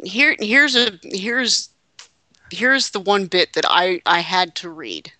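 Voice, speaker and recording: A woman's voice: medium pitch, expressive, takes it slowly, bright, forceful tone, no echo. A woman hosting a casual podcast chat, reading quotes aloud with joking asides. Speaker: podcast host.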